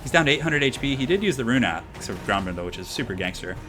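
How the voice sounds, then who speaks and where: A young man streaming a strategy game, commentating in a chatty, excitable, slangy way, tired and a little out of breath. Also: mid-range voice, quick pace, soft background music. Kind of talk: casual live-stream commentary.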